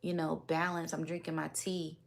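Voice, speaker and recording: A woman hosting a live-streamed spiritual energy reading and chatting with viewers, talking in a calm, relaxed, unhurried way. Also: deep voice, creaky. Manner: calm, relaxed and unhurried, sometimes repeating words. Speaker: spiritual reader and livestream host.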